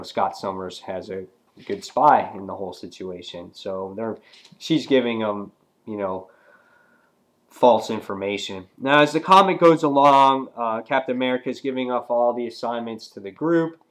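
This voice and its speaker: A man casually reviewing a comic book, rambling and filling pauses with "um" and "you know". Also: medium pitch.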